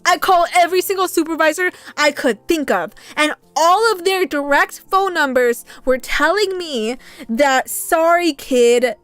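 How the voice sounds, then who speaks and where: Very high-pitched young woman ranting on stream. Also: dry recording. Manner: rambling, swears freely, animated storytelling. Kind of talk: casual livestream chat.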